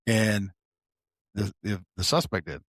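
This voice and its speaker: Lowish-voiced man telling a cop story. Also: unhurried, dry recording, studio quality. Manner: animated, swearing, calls the listener bro. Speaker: podcast co-host, sheriff's deputy. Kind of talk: casual storytelling chat.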